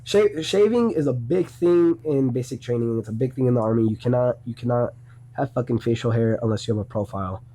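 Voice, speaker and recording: A man's voice: medium pitch, a little fast, mellow. A young man, a podcast guest, telling casual stories in a rambling way, with many restarts and a lot of swearing. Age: young adult. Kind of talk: casual storytelling.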